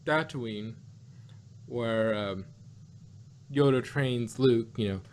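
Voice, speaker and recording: A man's voice: mid-range voice, takes it slowly, a little hiss or hum. A man hosting a casual podcast and recapping a cartoon episode, rambling along with lots of fillers and self-corrections.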